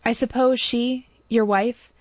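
A woman reading the part of a clever, proud young woman who speaks quickly and cuttingly in an audiobook. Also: on the high side, fairly even intonation, no room sound, pitched above the performer's own voice. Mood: reproachful. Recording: dull dry lo-fi recording.

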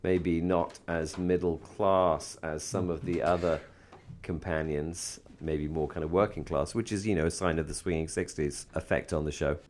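A man's voice: sits low, steady tone, moderate pace, a little mellow. A man co-hosting a casual fan podcast, rambling with many restarts and asides. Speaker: podcast co-host.

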